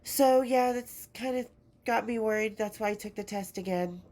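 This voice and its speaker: A woman's voice: a little high, normal speed, warm tone. A woman hosting her podcast in a casual, affectionate chat while sick and congested, swearing freely. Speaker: podcast host.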